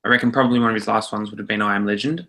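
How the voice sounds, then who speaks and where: Australian man, casual film chat, low voice, bright edge, rambling. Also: steady tone, rapid-fire. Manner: rambling, hedging, dry joking. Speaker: film podcast co-host.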